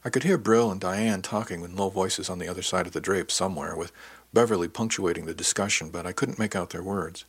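A man giving a measured, introspective first-person audiobook narration. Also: sits low, breathy edge, dry recording.

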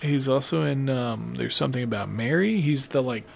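A man's voice: mid-range voice, moderate pace, gravelly, slight background noise. A man in his forties chatting casually as a podcast co-host, laughing often and trailing off mid-sentence. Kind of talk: casual chat.

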